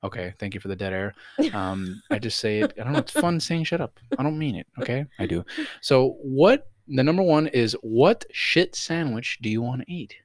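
A young man co-hosting a podcast, chatting casually, swearing a lot, and putting on quick voices when he tells a story. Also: mid-range voice, no echo, studio quality. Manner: animated, swearing, puts on voices for the cat. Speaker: podcast co-host. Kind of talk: casual chat.

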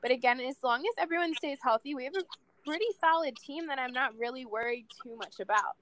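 A woman in her late twenties chatting about football on a casual podcast. Her voice sits a little high, and she is loose, candid and quick to swear. The talk is unscripted and frank. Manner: candid, swears freely, animated sports fan talk.

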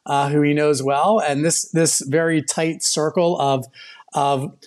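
A man's voice: on the high side, steady tone, a little slow, a little mellow. A man co-hosting a podcast who introduces the guest in an upbeat, joking way. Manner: upbeat, jokey. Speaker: podcast co-host. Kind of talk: casual podcast chat.

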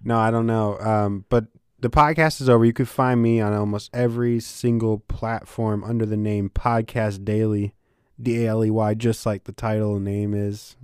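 A man's voice: lowish voice, level tone, normal speed, clear, resonant tone, no room sound, studio quality. A young man from Ohio hosting a casual podcast, joking and teasing his guest. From Ohio, United States. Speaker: podcast host. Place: home, under blankets.

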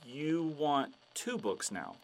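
A man voicing a tired male librarian who answers in a flat, deadpan way. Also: a little high, takes it slowly, full character voice, poor audio.

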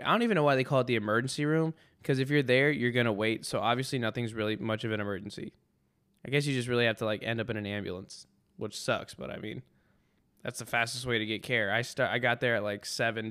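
A man with a smooth, resonant voice at an ordinary pitch, talking solo on his podcast. He rambles through a story with dry sarcasm, often stopping and restarting his sentences. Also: fairly bright tone. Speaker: podcast host. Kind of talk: casual storytelling monologue.

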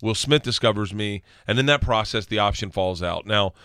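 Loud laughing storyteller man. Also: fairly low pitch, moderate pace, smooth, dry recording, clean studio sound. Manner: loud, laughing, acts out voices in his stories. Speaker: stand-up comedian guest. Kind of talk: animated storytelling on a podcast.

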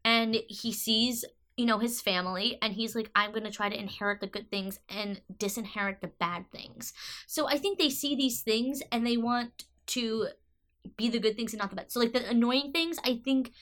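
Bright-voiced young woman, halting chat. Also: fairly high pitch. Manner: thoughtful, halting, filler-heavy. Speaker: podcast co-host. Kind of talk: casual chat.

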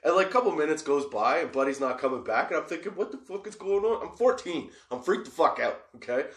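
A man's voice: on the high side, lively intonation, fast, fairly bright tone, reverberant. A man telling a wild story in casual talk, swearing, laughing often and checking in with "okay?". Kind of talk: casual anecdote.

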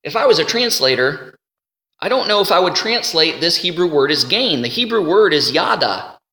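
A man teaching a sermon in a conversational, animated way, slowing down to read scripture. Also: a little high. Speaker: Bible teacher. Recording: roomy hall with long reverb.

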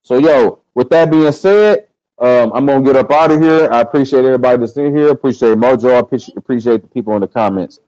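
A man's voice: mid-range voice, fast, dark tone. A man hosting a live stream, ranting heatedly and cursing as he talks straight to his viewers. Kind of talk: casual commentary to a live audience. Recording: dull lo-fi sound.

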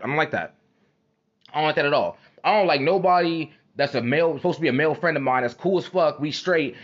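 A man hosts a podcast in a medium-pitched, slightly bright voice, delivering a heated, profane, casual monologue and repeating phrases for emphasis. The recording is dull and lo-fi.

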